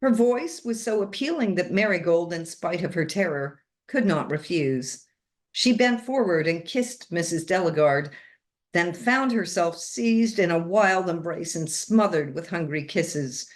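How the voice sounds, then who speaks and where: A woman reading a chapter of a novel aloud, with steady, expressive storytelling. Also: lowish voice, unhurried. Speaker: reader.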